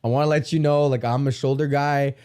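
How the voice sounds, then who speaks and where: A young podcast host from Alberta, Canada, speaks at a medium pitch with fairly even intonation, slightly fast, in a clear, resonant, darkish voice. He rambles through stories in a profane comedic rant, yelping to act out pain.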